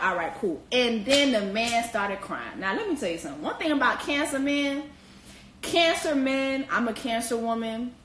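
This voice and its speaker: A woman hosting casual commentary on a reality TV show, animated and slangy, with profanity and squealing high exclamations. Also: roomy sound, a little hiss or hum, low-quality recording. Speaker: host.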